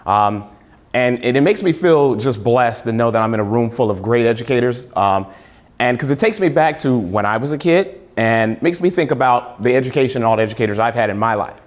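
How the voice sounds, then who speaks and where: A man's voice: mid-range voice, animated, a little fast. A man from New Mexico, a teacher giving a keynote speech, who tells stories and repeats phrases for emphasis. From New Mexico, USA. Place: event hall with an audience.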